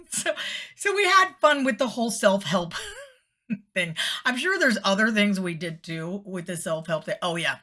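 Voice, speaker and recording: A woman's voice: medium pitch, animated, a little slow, long pauses, sharp tone. A middle-aged woman, a former TV host, chatting casually in a personal vlog, laughing often and slipping into whispery voices when quoting.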